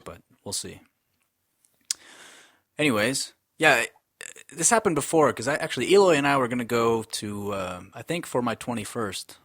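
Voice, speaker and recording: A man's voice: medium pitch, animated, normal speed, pauses often, fairly bright tone, no room sound, studio quality. A man in his twenties co-hosting a podcast, ranting with lots of swearing and acting out quoted voices in casual chat. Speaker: podcast co-host.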